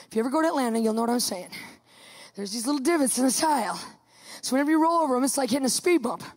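High-voiced woman telling a comic story. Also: rapid-fire. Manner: animated, emphatic, dramatic retelling.

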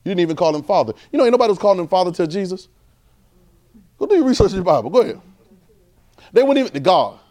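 High-voiced animated male preacher. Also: fast, long pauses. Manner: animated, repeats phrases, swings between loud and soft. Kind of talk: informal conversational sermon.

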